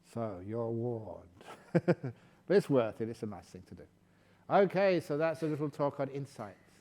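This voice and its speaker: A man giving a calm, gentle meditation talk at a retreat, slipping in playful jokes. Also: mid-range voice, big-room sound. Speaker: meditation teacher.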